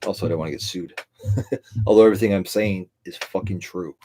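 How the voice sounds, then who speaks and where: Rambling, tipsy middle-aged man, low voice. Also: fairly quick, warm tone, husky. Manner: rambling, profane, laughing often. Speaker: livestream host. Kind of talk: rambling drunken monologue.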